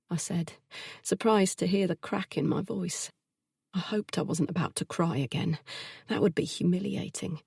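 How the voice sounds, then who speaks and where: A woman narrating a first-person audiobook in an intimate, measured way, recorded on a close studio mic. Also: on the low side, gravelly, mellow, slightly rough, no room sound.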